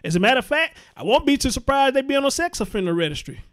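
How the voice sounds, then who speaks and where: A man's voice: very high voice, big pitch swings, rapid-fire, fairly bright tone. A man hosting a live commentary show, reading chat comments aloud and reacting bluntly, with lots of profanity and repetition for emphasis. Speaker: host.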